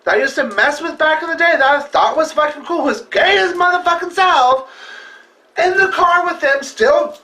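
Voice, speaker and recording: Man, vlogger, casual storytelling, profane and emphatic, sharp bright tone, distant mic in an echoey room. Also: very high voice, normal speed. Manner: heavily profane, emphatic, rambling.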